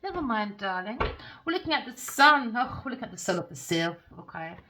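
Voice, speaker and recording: A woman's voice: medium pitch, very animated, a little fast, sharp tone, poor audio. A woman giving a tarot reading in a scornful, profane and theatrical way. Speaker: tarot reader.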